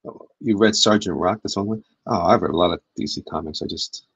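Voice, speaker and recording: A man's voice: deep voice, fairly quick, husky, dry recording, highs cut off. A man, a comic artist, chatting casually to his livestream audience while he draws, rambling and poking fun at himself. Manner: rambling and self-deprecating, talks to chat.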